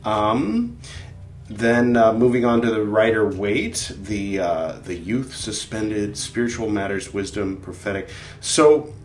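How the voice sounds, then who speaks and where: Low-voiced man musing over his notes. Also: lively intonation, slow, a little hiss or hum. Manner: thoughtful, hesitant, with many fillers. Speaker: show editor and co-host. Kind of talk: casual chat, going over notes. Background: faint background music.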